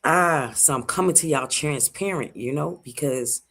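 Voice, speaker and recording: A man's voice: a little high, moderate pace, husky. A man in his forties hosting a casual livestream, emotional and rambling, thanking viewers through tears of joy. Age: 40s. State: teary-eyed. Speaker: livestream host.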